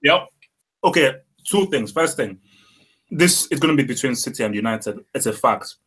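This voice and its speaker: A man's voice: medium pitch, animated, normal speed, a bit bright, husky. A man co-hosting a casual football podcast, arguing his points emphatically and often repeating words as he starts a sentence. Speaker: podcast co-host.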